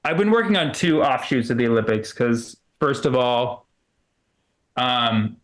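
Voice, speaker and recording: A man's voice: medium pitch, animated, a little slow. A man doing a loose, rambling stand-up comedy set in a comedy club, full of fillers and restarts.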